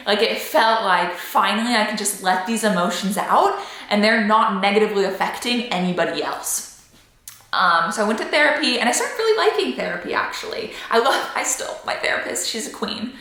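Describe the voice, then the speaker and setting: A woman's voice: medium pitch, animated, fairly quick, sharp tone, very echoey. A young woman vlogger telling a personal story to camera, candid and chatty with lots of "like" fillers.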